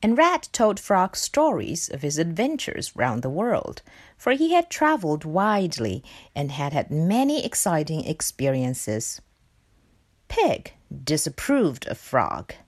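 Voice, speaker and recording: A woman reading a children's picture book aloud in a slow, expressive storytelling voice. Her pitch rises and falls widely from phrase to phrase. The recording is dry and close, with no room sound. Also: no echo. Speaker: narrator.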